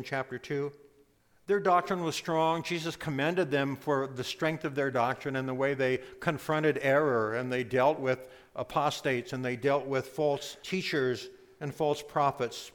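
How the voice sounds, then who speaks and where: A male pastor preaching a sermon in an earnest manner, explaining scripture step by step. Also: medium pitch. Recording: long hall reverb.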